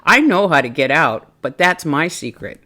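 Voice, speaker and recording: A woman's voice: low-pitched, very animated, normal speed, sharp tone, full character voice. Woman doing a grumpy old frog. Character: stubborn, secretive old male frog.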